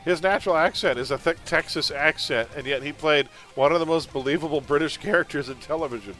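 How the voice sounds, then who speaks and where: A man's voice: on the high side, quick pace, bright, forceful tone, soft background music. A man chatting casually while live-streaming a game, laughing often and drifting into pop-culture tangents.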